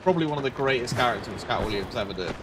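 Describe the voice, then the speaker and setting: Guy chatting on stream, swears a lot, lively swoopy voice, noisy background. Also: very fast. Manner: animated, swearing, acts out quotes with sudden high yelps. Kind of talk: casual chat.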